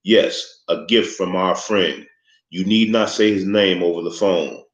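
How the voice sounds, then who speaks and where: A man voicing an older, formal crime boss who speaks with a thick accent in a storybook reading. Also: low voice. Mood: courteous. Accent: thick foreign accent. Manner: formal, polite, unhurried speech. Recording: echoey, slightly muffled room recording.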